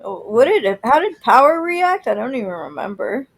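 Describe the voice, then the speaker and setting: A woman co-hosting an anime podcast, chiming in with short, animated reactions. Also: sits high, a little fast, vocal fry. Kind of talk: casual chat.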